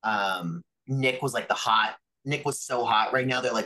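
Bright-voiced man telling wrestling stories. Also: medium pitch, moderate pace, rough recording. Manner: chatty, lots of fillers and quoted dialogue. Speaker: professional wrestler guest. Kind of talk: casual storytelling interview.

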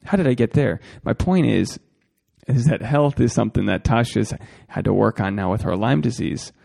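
A male podcast host with a gravelly, creaky edge to his mid-pitched voice. He rambles through a solo monologue, cursing casually and calling his listeners "folks." His tone stays loose and conversational as he restarts his sentences. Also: animated, normal speed, dark tone. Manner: rambling, profane, talks straight to listeners as folks. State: a bit out of breath.

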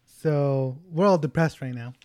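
A man's voice: mid-range voice, unhurried, crowd noise. A man of about twenty hosting a podcast in casual chat, rambling and self-mocking. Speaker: podcast host.

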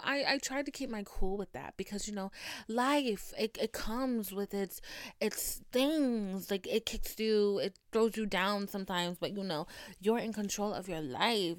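A young woman hosting her own podcast, venting in a dramatic, profane, animated storytelling manner from her home setup. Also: mid-range voice, no room sound, clean studio sound. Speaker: podcast host. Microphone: podcast microphone.

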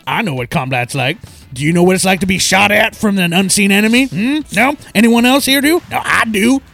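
A boastful, scolding male veteran, put on by a man in a comedy bit. He lectures in a mock-serious tone, and his pitch swings widely from low growls to sharp jabs. Faint music plays under him. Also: expressive, a little fast, creaky, heavily acted. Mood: taunting.

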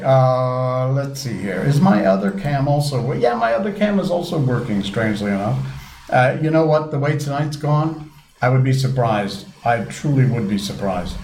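A man's voice: on the low side, a little mellow. A man hosting a casual live stream, chatting in a rambling, self-deprecating way, with a little reverb added to his voice. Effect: light added reverb. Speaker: livestream host. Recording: echoey room, faint hum.

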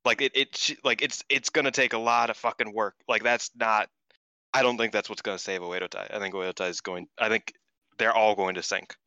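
Male podcast co-host, opinionated and swearing, smooth, crisp voice, dry close recording. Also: lowish voice, steady tone, fairly quick, sharp tone, no room sound. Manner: blunt, profane, opinionated. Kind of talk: casual chat.

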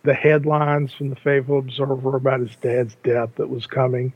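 This older man, a co-host on an easygoing podcast, wanders through his sentences, restarting often and doubling up words. He has a medium-pitched, husky voice, delivered flatly and a touch fast. The recording is dry and tinny, like a phone line.

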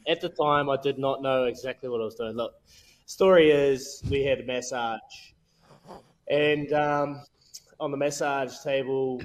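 A man in his thirties with a New Zealand accent, a podcast guest telling candid, self-mocking stories in laddish slang. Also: medium pitch. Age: 30s. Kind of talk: casual storytelling chat.

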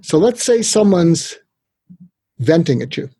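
An older man, a guest expert, giving communication advice in a lively conversational way, acting out quotes as he goes. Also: on the high side, measured pace, husky, no room sound. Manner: animated, tells tips with acted-out quotes. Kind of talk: conversational interview.

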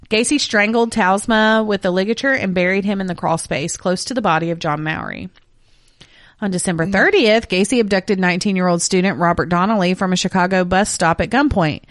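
Telling the case on her true crime podcast, a woman speaks briskly in a medium pitch, pausing the details for blunt asides laced with profanity. The sound is clean studio audio with no echo.

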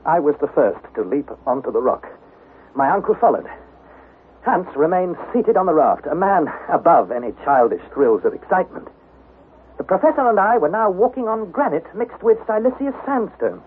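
An actor playing an earnest young nephew who narrates a perilous voyage in a 1960s radio drama. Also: male voice, high-pitched, very animated, moderate pace. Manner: earnest, anxious, pleading. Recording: tinny, hissy old radio broadcast.

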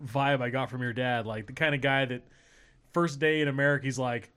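A man's voice: mid-range voice, fairly even intonation, brisk, fairly bright tone, clear, resonant tone. A man co-hosting a podcast in casual chat, teasing and laughing often.

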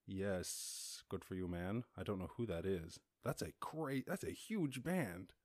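An Irish man hosting a casual podcast, reading news stories aloud and reacting to them with loud exclamations. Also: deep voice, lively intonation, a little slow, dry recording, clean studio sound. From Ireland. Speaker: podcast host.

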